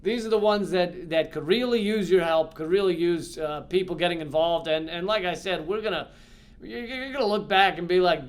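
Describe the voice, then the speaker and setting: High-voiced, rambling, profane male commentator. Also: normal speed. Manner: rambling, profane, impassioned, with many restarts. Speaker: host of a political commentary channel. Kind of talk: casual to-camera monologue.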